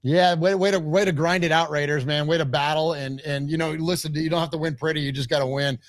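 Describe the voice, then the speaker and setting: A man co-hosting a live postgame sports show, talking with emphatic, excited fan energy and sounding out of breath. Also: fairly high pitch, quick pace, no room sound, clean studio sound. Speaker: co-host.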